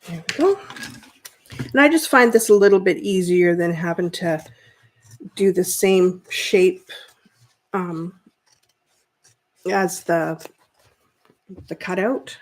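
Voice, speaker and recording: A woman hosting a sewing livestream, chatting casually with viewers as she works and thinking out loud with fillers and restarts. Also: lowish voice, slow, pauses often. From Canada.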